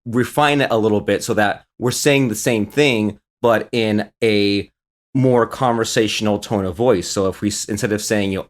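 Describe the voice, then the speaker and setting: A man's voice: lowish voice, fairly even intonation, moderate pace. A man hosting an interview, asking questions casually and rephrasing them as he thinks aloud. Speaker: podcast host.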